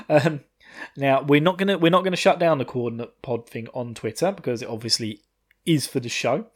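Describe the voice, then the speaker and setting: Laughing, rambling man recapping anime. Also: on the high side. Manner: rambling, laughs often, swears casually. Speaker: podcast host. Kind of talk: casual anime episode recap.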